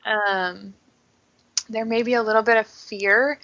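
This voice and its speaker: Bright-voiced woman guest on a dull line. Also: mid-range voice, fairly even intonation, takes it slowly. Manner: hesitant, many "like" and "um" fillers. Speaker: podcast guest. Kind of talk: repeating phrases and casual talk.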